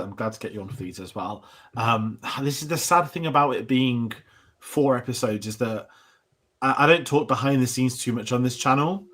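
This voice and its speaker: A man's voice: mid-range voice, a bit bright. A young British man hosting a casual show discussion, rambling with restarts and asides. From Britain. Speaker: podcast host.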